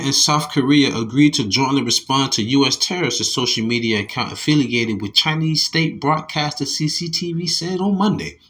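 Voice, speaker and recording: A man's voice: mid-range voice, bright, forceful tone. A slightly tipsy man giving a casual, profane scripture lesson and reading articles aloud while talking back to his listeners. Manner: loose, profane, talks back to his audience. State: a little tipsy. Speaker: religious commentator.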